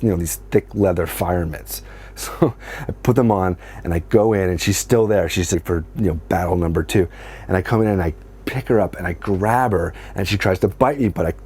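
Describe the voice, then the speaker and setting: A middle-aged man telling a comic personal story in a casual, animated way, swearing freely and acting out what people said. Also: low voice, slightly rough.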